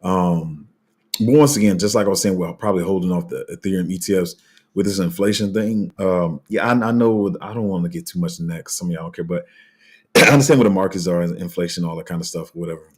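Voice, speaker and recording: A man with a deep, husky voice talks casually to his viewers. His delivery is loose and rambling, with many fillers and restarts, and his phrasing is blunt and street-casual. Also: fast talker. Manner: rambling, loses his place, heavy fillers. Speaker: crypto channel host. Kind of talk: casual unscripted commentary.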